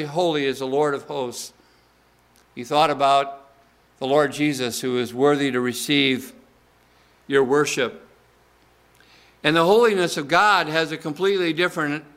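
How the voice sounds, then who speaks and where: A middle-aged man preaching a sermon in an earnest way, slowing down to stress key words and often restarting his sentences. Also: fairly high pitch, fairly bright tone, smooth. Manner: earnest, slows down for emphasis, frequent restarts. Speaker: pastor.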